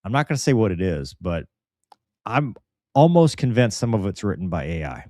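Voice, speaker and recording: Low-voiced man, lively podcast host. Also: moderate pace, dry recording, studio quality. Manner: animated, mimics quoted voices, lots of fillers. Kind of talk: casual podcast chat.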